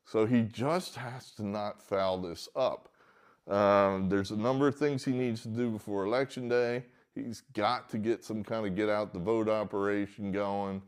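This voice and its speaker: A man's voice: fairly low pitch, a little mellow. A man giving casual, rambling solo political commentary from a barn, hesitant with many fillers and mocking outbursts.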